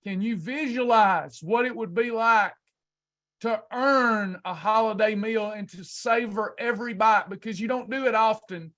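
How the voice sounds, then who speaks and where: A man's voice: high voice, unhurried, a bit bright. A man coaching a class on weight loss in an emphatic, preacher-like motivational speech full of rhetorical questions.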